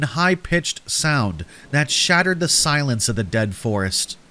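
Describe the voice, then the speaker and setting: Slow, expressive male horror narrator. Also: mid-range voice. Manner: slow, dramatic storytelling.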